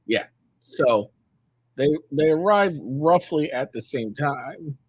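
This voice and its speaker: Lively, rambling male vlogger. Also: fairly high pitch, slow pace, breathy edge, no room sound. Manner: rambling, with fillers and sarcastic asides. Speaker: commentary vlogger. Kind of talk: casual reaction commentary.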